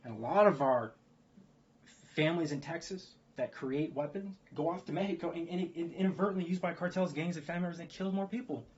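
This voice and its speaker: A video blogger rants about the news, cursing freely, repeating himself, and throwing out rhetorical "guess what" questions. His voice is on the high side and quick, with the high frequencies cut off.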